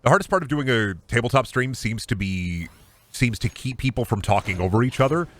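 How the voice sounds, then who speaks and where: A man's voice: medium pitch, expressive, a little fast. A man streaming a game, chatting casually in a rambling, silly, self-deprecating way. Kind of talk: casual chat while gaming.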